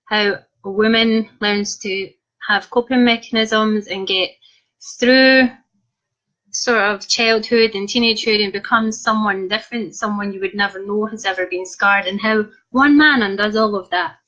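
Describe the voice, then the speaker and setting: A woman's voice: mid-range voice, steady tone, moderate pace, fairly bright tone. A young woman author chatting in a cheeky, self-mocking way as she reads out viewer comments on a live video. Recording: dull lo-fi live stream audio.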